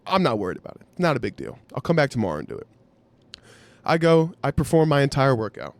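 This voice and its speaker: Animated man telling a wry story. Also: mid-range voice, fast talker, gravelly. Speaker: podcast host. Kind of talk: storytelling anecdote.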